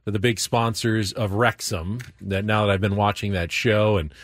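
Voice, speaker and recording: A man's voice: on the low side, fairly even intonation, moderate pace, fairly bright tone, no room sound. A man hosting a casual sports radio show from a studio, easygoing and joking with his co-hosts. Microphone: studio microphone.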